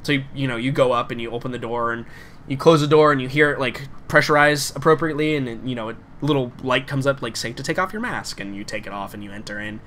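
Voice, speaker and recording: A man's voice: medium pitch, steady tone, quick pace, a bit bright, slight background noise. Rambling male game master. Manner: rambling, many fillers. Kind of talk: narrating a tabletop game.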